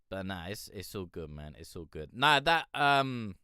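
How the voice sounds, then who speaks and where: A man's voice: fairly low pitch, very animated, takes it slowly, bright, forceful tone, clear, resonant tone, no room sound, studio quality. A man hosting a live music review stream, chatting casually with a rambling, swearing, easily amused manner as he answers viewers.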